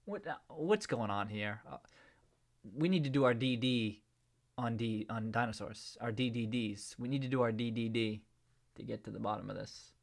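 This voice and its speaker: A man's voice: mid-range voice, moderate pace, vocal fry. A man hosting a live stream, chatting casually and playfully with viewers and greeting them by name. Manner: loose rambling with restarts when explaining.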